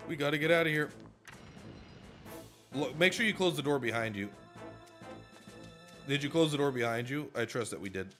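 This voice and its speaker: A male streamer in casual let's-play commentary, rambling and joking as he plays. He sounds tired and keeps yawning, at a medium pitch, with faint game music behind him. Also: moderate pace, pauses often, a bit bright. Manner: rambling, jokey, reads game lines aloud. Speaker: gaming streamer.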